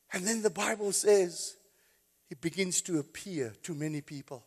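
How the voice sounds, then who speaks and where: A man, a pastor, preaching an impassioned sermon that swings from quiet, low passages to high, shouted exclamations. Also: normal speed, big-room sound.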